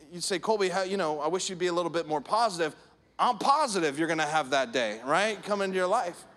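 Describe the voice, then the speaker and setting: Pastor guy preaching, chatty sermon, high voice for a man, acts out little bits. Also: fairly bright tone. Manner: conversational preaching with acted-out anecdotes.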